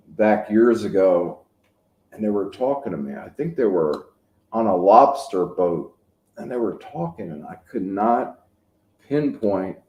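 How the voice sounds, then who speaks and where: Male, 50s, channel host: dark, mellow voice, loose rambling chat, roomy echo. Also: lowish voice. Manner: rambling, anecdotal storytelling. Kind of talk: casual chat. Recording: echoey room.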